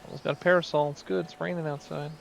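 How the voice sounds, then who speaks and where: A man's voice: a little high, level tone, fast talker, vocal fry, a little hiss or hum. A man giving casual, rambling commentary while playing an online game, full of fillers and asides. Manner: rambling, chatty, many fillers. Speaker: gaming video host.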